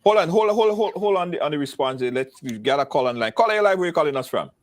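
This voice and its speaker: A man hosting a live call-in talk show, lively and quick to steer the conversation. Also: on the high side. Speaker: host.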